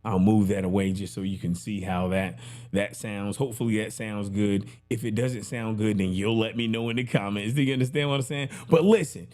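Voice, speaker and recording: A man's voice: on the low side, fairly even intonation, brisk, darkish tone. A man hosting a casual gear demo, chatty and rambling, talking into a broadcast mic and often asking if you follow him. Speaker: podcast gear reviewer host. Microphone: broadcast dynamic mic with headphones.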